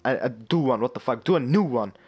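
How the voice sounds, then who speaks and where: A man's voice: expressive, a little fast, slightly rough. Man swearing over a fighting game. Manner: profane, swings from low muttering to shouting. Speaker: gamer. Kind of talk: live gameplay commentary.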